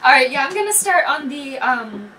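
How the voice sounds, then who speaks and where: A woman with a bright, high voice plays a tabletop game, eager and giggly. She sounds distant from the mic, with faint noise behind her. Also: expressive, moderate pace. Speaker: tabletop player. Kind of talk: casual in-character play.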